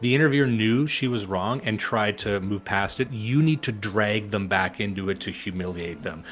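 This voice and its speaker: Low-voiced sarcastic man, swearing. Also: normal speed, a bit bright. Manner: profane, sarcastic, laughs often. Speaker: co-host of a live stream. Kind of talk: casual live-stream talk.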